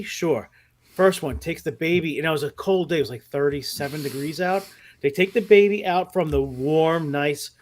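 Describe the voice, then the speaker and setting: A man with a high, light voice spins animated, foul-mouthed stories on a casual podcast. He often laughs mid-sentence and keeps the energy up as the tale builds. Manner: animated, profane, laughs through his stories. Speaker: podcast guest who works as a mall Santa.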